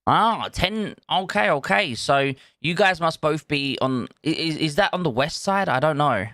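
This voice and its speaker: A man's voice: on the high side, animated, unhurried, bright, forceful tone, no room sound, studio quality. A man, chatting casually on a live stream, thinking aloud and greeting viewers from chat. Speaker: livestreamer.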